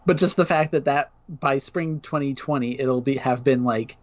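A man's voice: medium pitch, normal speed, muffled recording. A man co-hosting a casual podcast, telling stories with enthusiasm and frequent laughter. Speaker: podcast co-host.

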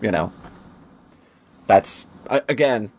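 A man's voice: lowish voice, lively intonation, slow, gravelly. A man hosting a podcast, easygoing and affirming, asking his guest casual questions. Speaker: podcast host.

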